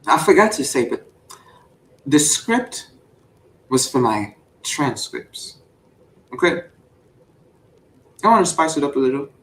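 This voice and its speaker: A man on a voice chat reading speeches in a jokey, mock-preacher way, swinging between loud and whispered lines. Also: fairly high pitch, big pitch swings, slow, pauses often, low-quality recording. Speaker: show host. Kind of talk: playful Discord voice-chat reading.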